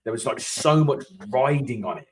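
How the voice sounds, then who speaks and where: A man co-hosting a football fan chat, telling stories in an animated way. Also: mid-range voice, normal speed. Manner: animated storytelling, restarts, laughs often. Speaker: football fan channel co-host. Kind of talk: casual chat.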